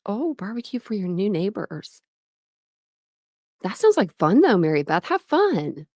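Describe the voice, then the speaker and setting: A woman's voice: medium pitch, very animated, a little slow, a little mellow, dry recording, studio quality. A woman hosting a casual livestream from home, chatting loosely, greeting viewers by name and laughing often. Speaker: livestream host.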